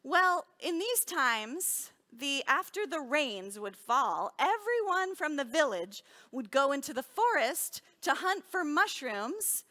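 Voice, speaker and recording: A woman telling a children's story at a service, animated and drawing the children in with questions and call-and-response games. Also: sits high, slow, few pauses.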